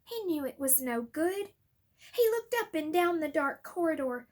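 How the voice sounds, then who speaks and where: Slow, high-voiced woman reading aloud. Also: lively intonation, a little mellow. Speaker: reader. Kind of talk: audiobook reading.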